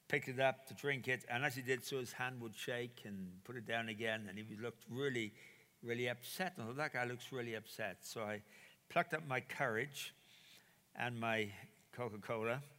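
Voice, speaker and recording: A man telling a personal story in a sermon, animated and acting out the quoted dialogue. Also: mid-range voice. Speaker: preacher. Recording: reverberant hall.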